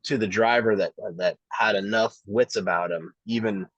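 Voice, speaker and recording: A mid-pitched male podcast co-host, heard on a dull, dry recording. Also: fairly even intonation, normal speed, dry recording. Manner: storytelling with repeated words and fillers. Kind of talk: casual chat.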